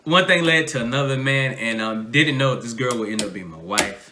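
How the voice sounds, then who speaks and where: A Southern American man in his thirties, co-hosting a podcast and telling a story casually with lively, acted-out quotes. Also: normal speed, background noise. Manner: animated, acts out quotes in a much higher voice. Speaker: podcast co-host.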